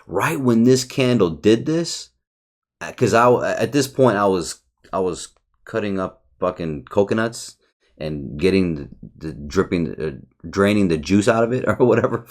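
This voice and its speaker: A man's voice: fairly low pitch, lively intonation, a little slow. A young man hosting a trading channel, reviewing his trades in a frustrated, rambling, profane way. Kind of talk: casual market review over charts.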